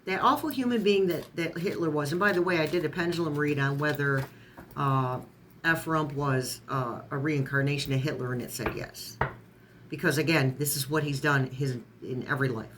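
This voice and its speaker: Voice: mid-range voice, moderate pace, noisy background. A tarot reader in a casual online reading who strings card keywords together, stumbles and corrects words, and adds sarcastic asides.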